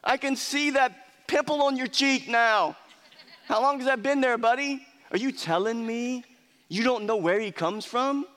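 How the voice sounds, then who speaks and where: A man's voice: high voice, animated, a little slow, voice pushed up. A preacher voicing a man healed of blindness, sarcastically mocking his questioners. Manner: exasperated, sarcastic retorts. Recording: long hall reverb.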